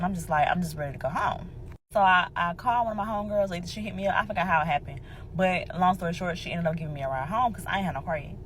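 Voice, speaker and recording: A woman with a lowish voice tells her story straight to her listeners as if they were friends. She is emphatic and animated, swears a lot, and keeps calling them y'all. Faint background hiss sits under her voice. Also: rough recording. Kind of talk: casual storytime monologue.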